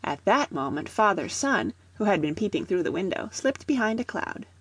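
A woman reading a children's storybook aloud in a gentle, even storytelling manner. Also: mid-range voice, moderate pace, husky, no room sound. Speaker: audiobook reader.

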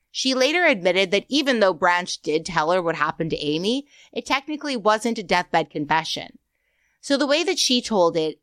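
Woman, podcast co-host, measured skeptical reading, dry close sound. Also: medium pitch, fairly bright tone, dry recording. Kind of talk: true crime podcast discussion, reading prepared notes.

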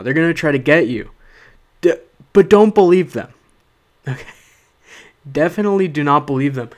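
A young man, a stand-up comedian, delivering a rambling, sarcastic comic monologue to his podcast listeners. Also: on the high side. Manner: rambling, sarcastic, with frequent "uh" and "okay?".

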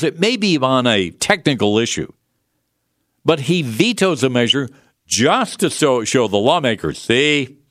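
Male talk radio host, combative and mocking, mid pitch, lively intonation. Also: no echo, studio quality. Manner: combative, sarcastic, mocking imitations. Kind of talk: political talk radio monologue.

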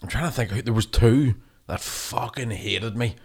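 A man's voice: mid-range voice, vocal fry, breathy edge. A young man, a comedian, telling school stories in a casual, sweary chat. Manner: sweary, fast storytelling.

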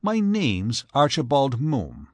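A man voicing a cheerful, airy young upper-class gentleman in an audiobook reading. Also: medium pitch, huge pitch swings, takes it slowly, no echo, full character voice. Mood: breezy.

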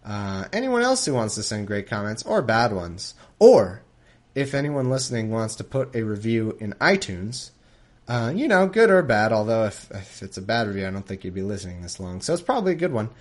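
A man's voice: fairly low pitch, very animated, fairly quick. A man hosting a casual podcast, reading scripture aloud and commenting on it in a sarcastic, exasperated way. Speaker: podcast host.

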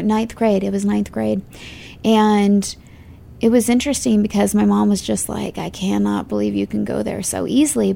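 A woman actress talking about her work in an interview, chatty and expressive, laughing easily. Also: mid-range voice, creaky. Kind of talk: casual interview conversation.

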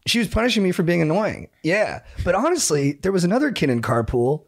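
A man's voice: sits high, fast talker, vocal fry. A man co-hosting a podcast, telling stories in casual chat and often laughing as he talks. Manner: animated, laughing through stories. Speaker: podcast co-host.

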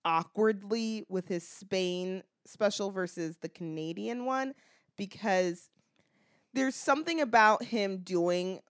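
An American woman co-hosts a podcast, chatting casually and reflectively with many "like" fillers. Her voice is medium-pitched, slow, and clean in tone.

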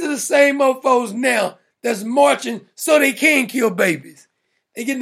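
A man's voice: extremely high pitch, animated, normal speed, gravelly, a bit bright. A man hosting a political commentary show, mocking and blunt, laughing at his own jokes. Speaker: show host.

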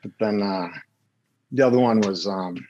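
A man with a lowish voice tells a story in an easygoing, rambling way. He fills his pauses with casual asides and fillers. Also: muffled recording. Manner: relaxed anecdotal storyteller.

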